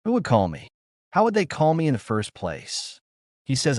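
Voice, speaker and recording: A man's voice: medium pitch, wildly swooping pitch, normal speed, darkish tone, dry recording. Man telling a suspenseful tale, dry sound. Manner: dramatic, repeats phrases for tension. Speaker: storyteller. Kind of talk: suspenseful first-person story narration.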